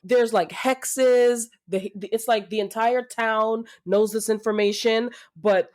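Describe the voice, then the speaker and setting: A woman's voice: on the high side, slow. Gushing woman chatting about books. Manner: gushing, animated, laughs often. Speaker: podcast co-host. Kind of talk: casual book-review chat.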